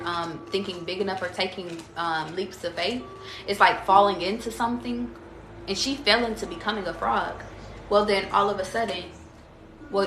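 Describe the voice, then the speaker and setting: A woman with a gravelly, fry-heavy voice does a loose tarot reading for her viewers. She chats in slang, swears freely and keeps calling them y'all. Her voice bounces around a roomy, echoey space. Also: medium pitch, a bit bright. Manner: slangy, profane, chatty, addresses viewers as y'all. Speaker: tarot reader.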